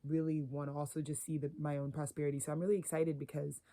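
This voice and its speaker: Mellow, flat-voiced woman musing on spirit. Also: sits low, quick pace. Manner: filler-heavy, meandering, earnest. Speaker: spiritual content creator. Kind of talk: rambling spiritual monologue.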